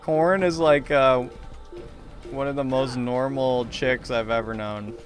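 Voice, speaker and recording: Young man, game streamer, casual rambling commentary, profane, self-mocking, medium pitch. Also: fairly even intonation, slow, soft background music. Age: young adult.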